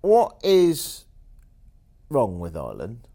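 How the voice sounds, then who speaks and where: A man's voice: medium pitch, wildly swooping pitch, takes it slowly, creaky, mellow. A male host chatting casually, teasing and cutting in on his guest. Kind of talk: casual chat.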